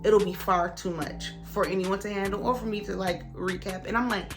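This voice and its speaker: Young woman doing a storytime vlog, super expressive, acts out all the quotes, faint music behind. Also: medium pitch, normal speed, few pauses. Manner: animated, dramatic retelling with voiced quotes. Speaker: vlogger. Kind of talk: casual storytime.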